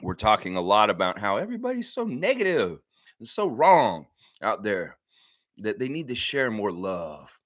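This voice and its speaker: A man hosting a casual sports fan livestream, excitable and hyped, sometimes chewing as he talks. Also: on the low side, normal speed, no room sound. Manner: excitable, shouts hype bursts, chewing while talking. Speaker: livestream host.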